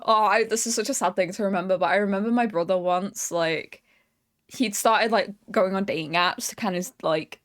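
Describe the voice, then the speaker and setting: A young adult woman streamer in casual chat, animated, swearing freely and laughing often. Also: medium pitch, normal speed.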